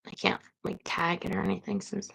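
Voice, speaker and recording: A woman hosts a casual livestream and chats to her viewers without a script, wandering from thought to thought with frequent fillers. Her voice has a bright, forward edge. Gravelly fry creeps into many of her phrases. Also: mid-range voice, level tone, a little fast, poor audio. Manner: rambling, hesitant, many fillers. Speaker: book-reading livestream host.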